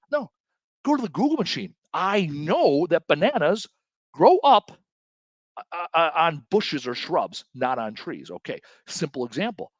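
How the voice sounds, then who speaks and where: A man's voice: on the high side, normal speed, dry recording. A man hosting his own show, giving a casual motivational talk and acting out quotes from other people in his own voice. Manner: animated, acts out quotes in different voices. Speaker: host.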